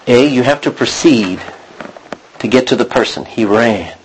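A man's voice: mid-range voice, unhurried, slight background noise, low-quality recording. A man preaching a sermon, telling a personal story in a rambling way, often restarting and acting out what he said. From Texas. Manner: rambling storytelling, frequent restarts and self-quotes.

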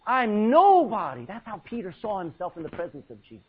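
A high-voiced man preaches with a husky edge, his pitch leaping and falling as he acts out scripture scenes. He breaks into laughs and drops low for emphasis. The recording sounds dull and lo-fi. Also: quick pace. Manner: animated, acts out Bible scenes with laughs and dramatic drops in volume. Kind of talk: sermon.

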